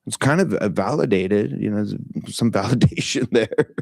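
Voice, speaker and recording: A middle-aged man tells a personal story in a loose, candid way, full of fillers, laughs and casual swearing. His voice sits a little low, and the recording is dry and close, with no room sound. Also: moderate pace, vocal fry, no echo. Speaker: meditation talk leader.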